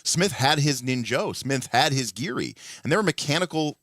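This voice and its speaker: Animated man with a lively voice. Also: medium pitch, moderate pace, dry recording, clean studio sound. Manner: animated, acts out quoted players. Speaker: podcast co-host. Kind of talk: casual panel chat about tabletop games.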